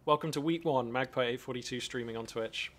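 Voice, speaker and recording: A man giving animated live commentary on a strategy game from a home streaming setup, thinking aloud with frequent restarts. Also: medium pitch, brisk, slight background noise.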